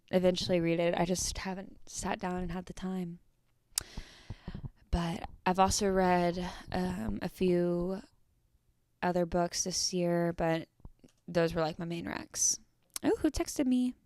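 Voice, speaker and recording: A woman's voice: on the low side, level tone, slow pace, pauses often, clear, resonant tone, no echo. A young woman hosting a solo podcast, chatting casually with lots of fillers and swearing freely. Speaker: podcast host.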